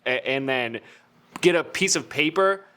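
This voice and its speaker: A man co-hosting a podcast, trading loud, profane banter and laughing often. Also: medium pitch, lively intonation, unhurried, smooth. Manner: laughs a lot, swears freely. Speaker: podcast co-host. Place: indoors in a warm room.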